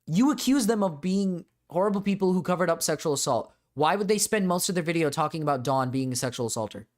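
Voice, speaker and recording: A man's voice: fairly high pitch, animated, fast. Man ranting in exasperated reaction. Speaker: streamer reacting to a video. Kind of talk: reaction commentary.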